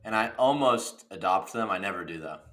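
A young man with a low voice that has a bright, sharp edge. He co-hosts a casual podcast and jokes around. His pitch swings widely as he throws himself into playful, exaggerated voices. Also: animated, a little fast, faint music behind. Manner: playful, jumps into shrill voices when acting out stories. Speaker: podcast co-host. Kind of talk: casual chat.

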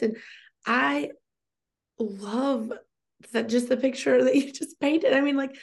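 Co-host, woman in her thirties, fairly high voice with a gravelly fry, tearful and chatty. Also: takes it slowly, pauses often. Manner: emotional, chatty, many fillers. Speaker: podcast co-host. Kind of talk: casual faith conversation.

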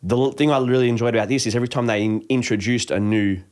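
A man's voice: mid-range voice, quick pace, a little mellow. A man in casual film talk with a friend, swearing freely and acting out lines from the movie.

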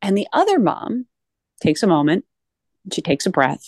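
A woman's voice: lowish voice, moderate pace, dry recording. A woman guest talking earnestly in a conversational interview, with frequent restarts. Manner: earnest, animated, with many restarts.

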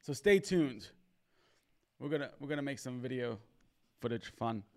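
A man's voice: medium pitch, animated, moderate pace. A man co-hosting a church livestream, chatting casually and exhorting viewers with upbeat energy. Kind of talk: casual chat and preaching.

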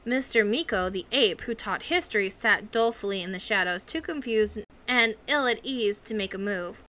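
A woman reading a novel aloud in steady, measured narration. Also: medium pitch. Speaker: audiobook reader.

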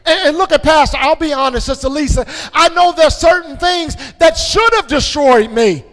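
A male pastor preaching a sermon, shouting out call-and-response lines in a sing-song cadence. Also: very high-pitched, normal speed, in a large hall. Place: church.

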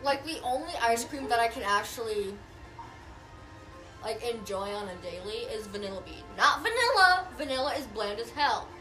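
A woman's voice: a little high, moderate pace, music in the background. Brash young woman in an echoey room. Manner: brash, swears for emphasis. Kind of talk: casual chat.

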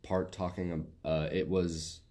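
Low gravelly Southern man, casual chat. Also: little pitch movement, takes it slowly, warm tone. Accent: Southern American. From West Virginia. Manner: rambling, profane storytelling.

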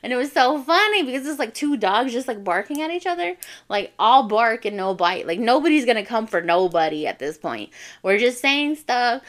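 A woman's voice: a little high, big pitch swings, moderate pace. A young adult woman from a Navajo reservation, telling a personal story in casual, slangy speech and swearing freely. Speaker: vlogger.

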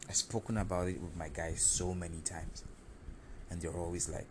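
A man with a low voice tells a personal story in the first person, animated and confessional, poking fun at himself. He keeps a moderate pace, with background noise and clear room ambience behind him.

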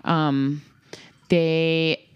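A woman chatting casually, self-deprecating and quick to laugh. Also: deep voice, flat delivery, clean tone, muffled recording. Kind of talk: casual chat.

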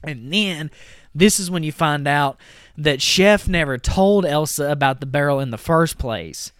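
A man co-hosting a movie podcast retells a plot in a loose, chatty way, full of "like" and "you know." His voice is bright and clear. It sits close and dry on the mic. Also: on the high side, lively intonation, no echo. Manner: retells scenes with quick quoted voices, many fillers. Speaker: podcast co-host. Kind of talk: casual movie recap.

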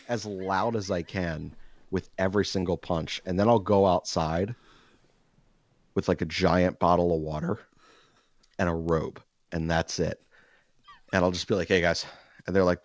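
A man hosting a podcast, telling a long casual story full of "like" fillers and crude jokes, jumping up in pitch when he acts out quoted lines. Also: normal speed, darkish tone, no room sound. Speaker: podcast host. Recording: dry, slightly dull podcast mic.

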